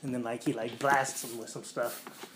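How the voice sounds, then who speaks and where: A man hosting a casual podcast, rambling through a movie plot with lots of fillers and quick voiced-out quotes. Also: medium pitch, little pitch movement, fairly bright tone. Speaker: podcast host.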